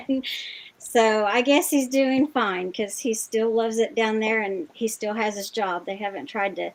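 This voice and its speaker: Slow, unhurried woman in a chat. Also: fairly high pitch. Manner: unhurried, thoughtful, many fillers. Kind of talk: casual group video chat.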